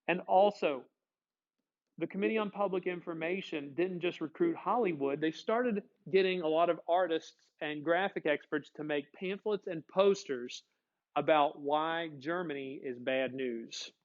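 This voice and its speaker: A man's voice: fairly high pitch, lo-fi sound. A man teaching a history class, chatty and joking, often asking his students questions. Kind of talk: classroom lecture.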